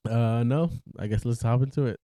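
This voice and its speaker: A man's voice: medium pitch, fairly quick, warm tone, dry recording, studio quality. A young man co-hosting a podcast, easygoing and chuckling between lines. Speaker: podcast co-host. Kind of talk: casual chat.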